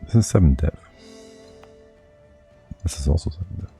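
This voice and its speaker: A man's voice: rumbling low, animated, normal speed, mellow, soft background music. A man streaming a strategy game live, thinking aloud and muttering to himself as he plays.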